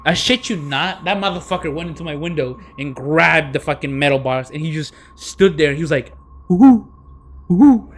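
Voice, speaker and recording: A man's voice: fairly high pitch, a little fast, few pauses, a bit bright, a little hiss or hum. A man hosting a podcast, telling a story in a rambling casual way, full of fillers and dropped-in Spanish words. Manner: drops in Spanish words and phrases. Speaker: podcast host.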